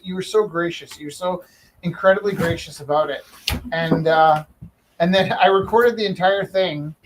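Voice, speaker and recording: Brief: male live-auction host, a bit higher-pitched, stumbles and restarts a lot, faint room noise behind. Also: rough recording. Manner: halting, many restarts and fillers. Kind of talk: casual live-stream storytelling.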